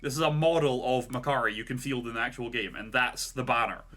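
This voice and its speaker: A man's voice: medium pitch, fast talker, pushed and bright. A man co-hosting a podcast, retelling a story in a casual, rambling way with lots of "like" and "right?". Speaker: podcast co-host.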